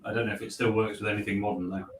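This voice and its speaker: A man's voice: lowish voice, little pitch movement, rapid-fire. Guy making dry jokes on a stream, sounds far off in a roomy space. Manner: dry, wry remarks. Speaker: co-host. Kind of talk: casual livestream chat. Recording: roomy, distant mic with faint noise.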